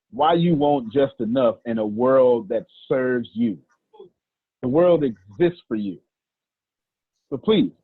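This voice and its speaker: A man's voice: on the high side, slightly rough, dry recording. A man giving a fiery, preachy motivational talk on sales and money, emphatic with big swings in his voice. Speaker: business speaker. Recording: tinny phone-like audio.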